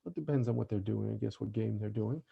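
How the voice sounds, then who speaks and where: A man's voice: fairly low pitch, quick pace, gravelly, slightly rough. A middle-aged man speaking earnestly to parents in an online talk, often checking in with "right?". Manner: earnest, tags sentences with "right?". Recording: dull lo-fi online call audio.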